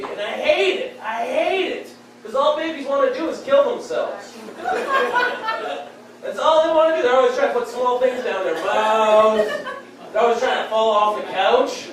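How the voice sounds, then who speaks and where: A young man from Saskatchewan doing a wry, casual stand-up set on a club stage, acting out quick quotes. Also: very high-pitched, a faint crowd, a little hiss or hum. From Saskatchewan, Canada. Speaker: stand-up comedian. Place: comedy club stage in a beer hall. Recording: very echoey club room, mic distant. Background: audience laughing.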